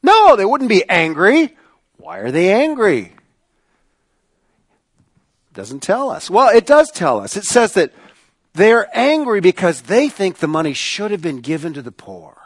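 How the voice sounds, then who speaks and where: Man preaching conversationally, bright-voiced. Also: high voice, very animated, unhurried, pauses often, dry recording. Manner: conversational preaching with rhetorical questions and repeated phrases. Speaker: pastor. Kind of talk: sermon.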